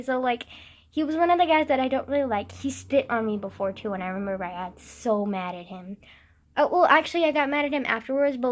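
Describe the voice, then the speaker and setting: A young woman rambling in a casual vlog, self-mocking and swearing often, with lots of fillers. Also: high voice. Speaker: vlogger.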